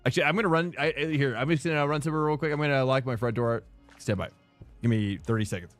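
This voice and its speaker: A man's voice: mid-range voice, quick pace, soft background music. A young man streaming a sim race from home, chatting casually and laid-back, calling his viewers dude and boys. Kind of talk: casual chat while live-streaming a race.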